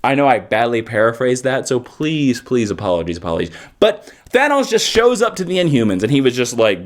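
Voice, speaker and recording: A man giving a casual, animated video review, full of jokes and playful asides. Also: medium pitch, fairly quick, few pauses. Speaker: comic book reviewer.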